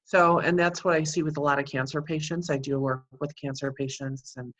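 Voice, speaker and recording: A woman's voice: deep voice, fairly even intonation, fairly quick, a bit bright. A middle-aged woman, a psychic medium, earnestly explaining her ideas in an interview, often adding "you know.". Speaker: psychic medium and Reiki practitioner. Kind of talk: interview answers, explaining spiritual healing.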